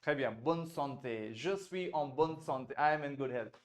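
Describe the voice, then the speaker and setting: With a mid-range voice and an animated manner, a man with an Indian English accent teaches a beginner French class through a video call. He repeats phrases slowly and patiently, switching from French to English and back.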